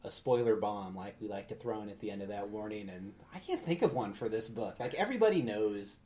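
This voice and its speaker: A man's voice: fairly low pitch, lively intonation, a little fast, mellow, a little hiss or hum. A man co-hosting a casual book podcast, joking with dry sarcasm. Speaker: podcast co-host.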